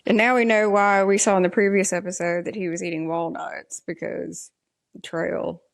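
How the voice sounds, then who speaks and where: A woman co-hosting a podcast, chatting casually through an episode recap and reading scene lines aloud. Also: medium pitch. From Southern US. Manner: unhurried, reads scene dialogue aloud. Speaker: podcast co-host.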